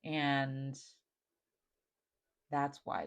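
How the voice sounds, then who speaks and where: A man giving a channeled spiritual message straight to the viewer, gentle and affirming, repeating phrases and using many "like" fillers, often dropping to a soft hush. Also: a little high, little pitch movement, unhurried, creaky, poor audio.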